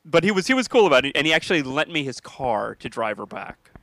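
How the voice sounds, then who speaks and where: A man's voice: a little high, big pitch swings, quick pace, fairly bright tone, no room sound, clean studio sound. A man, a comedian, telling a casual story on a podcast with easy laughs. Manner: laid-back, laughing storyteller.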